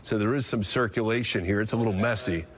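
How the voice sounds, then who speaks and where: A man with a low voice, speaking as a TV meteorologist during live severe weather coverage. He thinks aloud while tracking the storms on radar, stopping and restarting and filling pauses as he explains what he sees.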